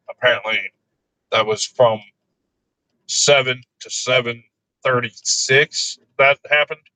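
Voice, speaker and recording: A man telling crude work stories in casual chat, laughing often and delivering his own quoted replies deadpan. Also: mid-range voice, no room sound, low-quality recording.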